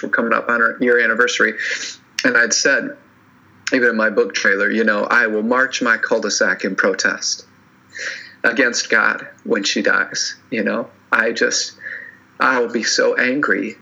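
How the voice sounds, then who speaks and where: Earnest teary man, bright dull-sounding audio. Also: on the low side, gravelly. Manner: earnest, halting, many restarts and "you know". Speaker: podcast guest, author. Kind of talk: emotional personal interview.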